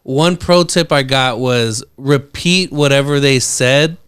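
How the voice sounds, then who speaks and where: Smooth-voiced man giving a comedy tip. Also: medium pitch, slow pace, fairly bright tone, no room sound, studio quality. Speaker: comedian guest. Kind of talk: casual podcast chat.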